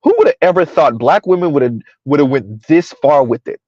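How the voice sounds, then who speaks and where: Man, slightly high voice, casual stream commentary, rhetorical questions, dry dull home-mic sound. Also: animated, a little fast, a little mellow, no echo. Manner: rhetorical, repeats "who would have ever thought" and "right? huh?"; talks about himself in third person. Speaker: commentary host.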